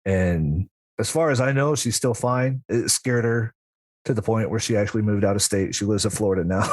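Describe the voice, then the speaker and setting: A man's voice: lowish voice, moderate pace, darkish tone, no room sound. A man who works as a demonologist, telling a long story in a casual interview, full of asides and little laughs. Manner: rambling, with frequent asides and laughs. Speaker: practicing demonologist guest.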